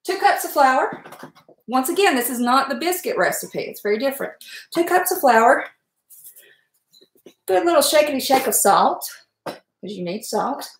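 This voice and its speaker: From her home kitchen, a woman hosts a live cooking stream, a casual demo where she chats in a folksy way, greets viewers and laughs often. Her voice is fairly high, the room is echoey with slight background noise, and the audio quality is poor.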